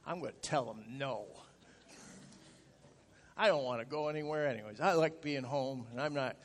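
A middle-aged male pastor telling a personal story in a sermon, in a folksy, self-deprecating way that gets animated as he retells his anger. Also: mid-range voice, moderate pace, a little hiss or hum. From rural upstate New York.

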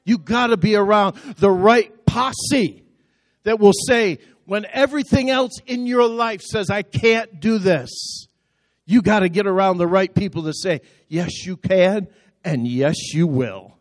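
A middle-aged man preaching with a high, ringing voice. He drives his sermon with passion and calls the congregation to answer him back. The sound is close and dry. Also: a little slow, no room sound. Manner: impassioned, building to shouted call-and-response. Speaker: pastor. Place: church auditorium.

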